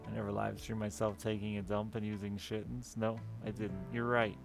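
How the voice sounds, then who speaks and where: Male game streamer, gravelly, wry and self-mocking, talking to chat into a desk mic. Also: lowish voice, flat delivery, a little fast. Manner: sardonic, self-deprecating, talks to chat. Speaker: live streamer. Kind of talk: casual chat while playing a game on stream. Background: game music.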